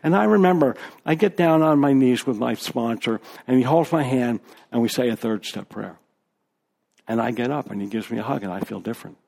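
A man's voice: mid-range voice, lively intonation, moderate pace, gravelly, darkish tone. A man as a guest speaker, telling his personal recovery story to a group in a candid, conversational way with fillers and asides.

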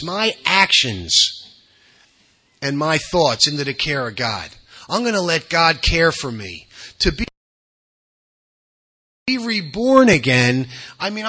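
A man shares his story at a recovery workshop in a piercingly bright, husky voice that sits slightly high. His delivery is blunt and unpolished, swinging between quiet, throwaway asides and loud, emphatic stretches. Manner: blunt, conversational, with loudness swinging from soft asides to emphatic bursts. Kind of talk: candid personal storytelling talk.

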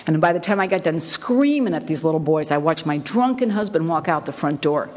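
A middle-aged woman tells her own story at a recovery meeting in a low, expressive, darkish voice, speaking briskly. She is candid and wry, repeating herself for emphasis and using many fillers, with a long hall reverb around her.

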